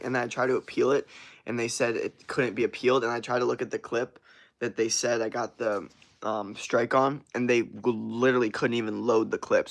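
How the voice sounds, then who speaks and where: Young male streamer, mid pitch with some fry, relaxed rambling chat to viewers, rough early-morning voice. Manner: loose, rambling, swears casually. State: morning voice, sore from workout. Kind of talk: casual livestream chat.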